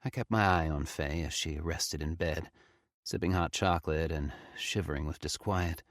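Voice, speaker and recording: A man reading a horror story aloud with expressive, tense storytelling. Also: very deep voice, moderate pace, no room sound, clean studio sound. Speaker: audiobook narrator. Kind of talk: scripted horror narration.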